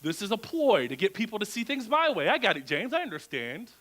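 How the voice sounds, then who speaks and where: Animated bright-voiced man preaching. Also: sits high, fairly quick, low-quality recording. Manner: animated, asks the crowd rhetorical questions. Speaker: pastor. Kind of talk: conversational sermon. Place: church.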